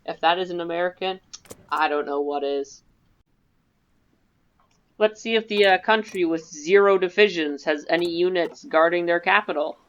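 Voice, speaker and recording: Brief: woman gamer, low voice, rambling giggly play-by-play, muffled lo-fi mic. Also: normal speed, pauses often. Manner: rambling, giggly, self-mocking. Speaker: gaming video creator. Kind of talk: casual gameplay commentary. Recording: dull lo-fi mic.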